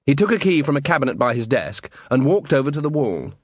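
A man narrating a comic fantasy audiobook in an expressive storytelling voice. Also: medium pitch, quick pace, husky, no room sound. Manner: animated storytelling with many character voices.

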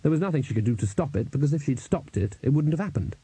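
A man narrating an audiobook in a dry, measured storytelling manner. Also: fairly high pitch, lively intonation, mellow, breathy edge, no echo, poor audio.

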